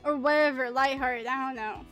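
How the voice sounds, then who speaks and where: A woman's voice: sits high, steady tone, moderate pace, a bit bright, faint music behind. A woman streamer giving casual, rambling commentary on a game, laughing and swearing mildly as she talks.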